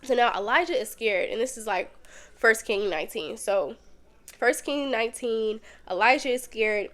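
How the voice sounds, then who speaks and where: A woman hosting a podcast, teaching a Bible lesson in a casual, conversational way with lively storytelling. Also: fairly high pitch, normal speed.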